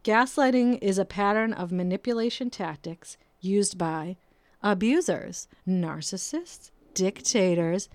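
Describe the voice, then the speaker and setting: Woman podcaster ranting into a close mic, swears a lot, rambles, smooth clear voice, dry sound. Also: medium pitch, dry recording. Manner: swears often, rambling and self-mocking. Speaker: podcast host. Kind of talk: casual solo podcast rant. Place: home room, painters working outside. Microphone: close microphone.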